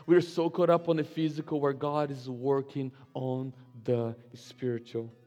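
A man preaching a sermon, telling a personal story and reading scripture with slow, emphatic delivery. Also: medium pitch, little pitch movement, a little mellow. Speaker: pastor. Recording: reverberant hall with faint music.

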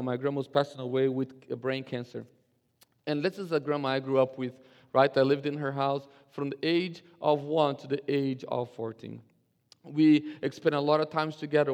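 A man preaching a sermon, telling a personal story and reading scripture with slow, emphatic delivery. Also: fairly high pitch. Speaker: pastor. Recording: reverberant hall with faint music.

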